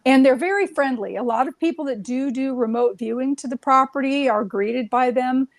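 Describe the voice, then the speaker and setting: A woman with a fairly high voice tells stories in a loose, rambling way, looping back with "um" and restarting her sentences. The sound is dry and close, with no room echo. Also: normal speed. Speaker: guest. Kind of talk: casual conversational storytelling.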